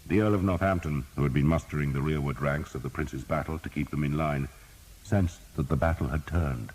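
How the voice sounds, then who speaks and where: A man narrating a historical battle audiobook in steady, measured storytelling. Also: rumbling low, breathy edge, poor audio.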